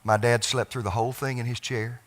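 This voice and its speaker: A middle-aged man, a pastor telling a personal family story in a sermon, with halting restarts and phrases that trail off softly. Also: mid-range voice, level tone. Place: church sanctuary.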